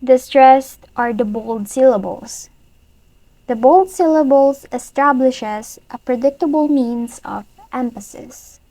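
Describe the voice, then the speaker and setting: Slow, careful woman reading a lesson. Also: sits high, warm tone, no echo, low-quality recording. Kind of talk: reading a prepared lesson aloud.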